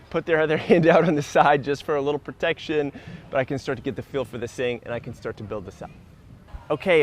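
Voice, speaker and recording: A man coaching runners outdoors, upbeat and instructive as he demonstrates push-ups while talking. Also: medium pitch. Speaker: running coach. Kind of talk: fitness demonstration. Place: outdoors near a park.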